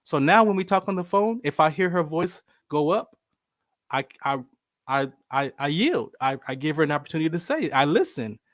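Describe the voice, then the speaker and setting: A man tells his stories in a relaxed interview, animated, slipping into the voices of the people he quotes. His voice sits a little high. The sound is dry and close. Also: normal speed, dry recording. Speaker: show host, veteran. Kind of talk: casual storytelling interview.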